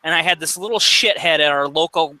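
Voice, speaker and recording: A man's voice: a little high, a little fast, sharp tone, no echo, poor audio. A man in a casual live stream chat, ranting bluntly and profanely.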